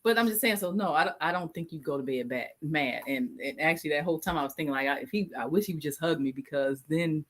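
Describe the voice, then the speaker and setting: A woman's voice: low voice, quick pace, hardly any pauses. A woman co-hosting a casual couple's podcast, thinking aloud with many restarts and easy laughter. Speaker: podcast co-host.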